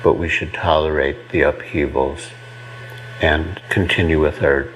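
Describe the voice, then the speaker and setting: Super deep voiced guy recounting old events, matter of fact, slight hum. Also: steady tone, a little slow, a bit bright, rough recording. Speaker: devotee recalling memories. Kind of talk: reflective recollection.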